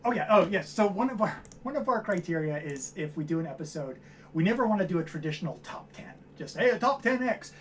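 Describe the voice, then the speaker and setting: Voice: medium pitch, expressive, fast talker, a little hiss or hum. A livestream host of a board game show, chatting casually and rambling with frequent self-corrections. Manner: says their voice turns nasal on camera.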